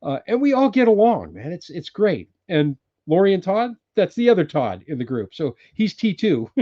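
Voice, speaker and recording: An older man hosting a live stream from his cabin, chatting in a rambling way and laughing often. His voice sits a little high and swings widely, with a mellow tone. The stream audio is dull and lo-fi. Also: very animated, measured pace. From California. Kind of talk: casual live chat with viewers. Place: off-grid cabin indoors.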